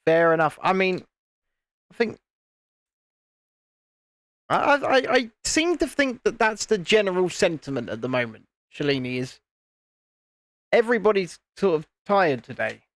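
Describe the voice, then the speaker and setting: A British host builds something indoors at home in the evening, livestreaming via phone camera and chatting casually, laughing often as he reads out chat messages. The mid-range voice is very animated yet measured, with frequent pauses and no echo.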